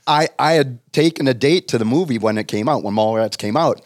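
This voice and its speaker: A man's voice: mid-range voice, a little fast, no echo. A middle-aged man, a former sports community relations director, telling a casual anecdote in a rambling way, full of "uh" and "um". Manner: rambling, many fillers.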